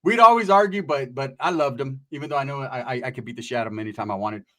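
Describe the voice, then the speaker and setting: A man's voice: mid-range voice, very fast, sharp tone. A man from California telling a profane, slangy comedy story, laughing and doing voices.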